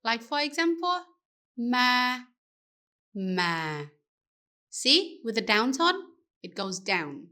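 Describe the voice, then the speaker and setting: A woman gives a scripted language lesson in a bright, crisp voice pitched a little high. She speaks very slowly and carefully, pausing to ask her learners questions. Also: very animated. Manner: careful, explanatory, asks rhetorical questions. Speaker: language teacher.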